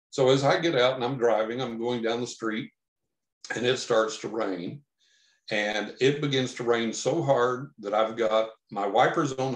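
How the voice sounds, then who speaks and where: A man from Texas telling a long personal story as a podcast guest, animated, acting out the lines he quotes. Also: fairly low pitch. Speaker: podcast guest, psychic investigator. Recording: roomy echo.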